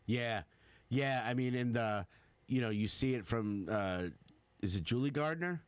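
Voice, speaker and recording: A man's voice: mid-range voice, measured pace, clear, resonant tone, no room sound. A man co-hosting a podcast, chatting casually and rambling with plenty of fillers. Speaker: podcast co-host. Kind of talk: casual movie chat.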